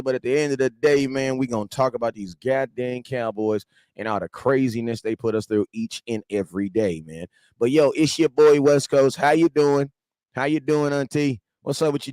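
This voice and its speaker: A man in his thirties hosts a loose livestream fan show. He greets viewers, repeats himself and banters in easy slang. His voice sits at an ordinary pitch and is recorded dry and close to the mic. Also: no echo. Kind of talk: casual livestream chat.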